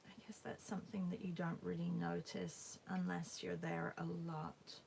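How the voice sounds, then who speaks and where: A woman leads a live drawing class and chats casually as she works. Her voice is lowish and slightly gravelly, and she talks slowly and softly. She often slips into a half-whisper over faint background noise. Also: little pitch movement, low-quality recording. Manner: soft and musing, often dropping to a half-whisper. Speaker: art teacher hosting a live drawing class. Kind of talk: casual chat while drawing.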